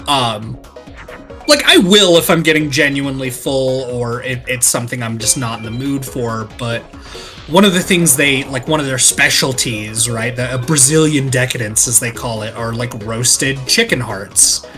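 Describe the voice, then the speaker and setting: A man with a bright, clear tone chats casually while playing a video game together with a friend. He tells his stories with animated energy and jumps into quick impressions of whoever he is quoting, all at a middling pitch. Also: soft background music. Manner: animated storyteller who acts out quoted voices. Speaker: co-host of a gaming let's play. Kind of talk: casual chat.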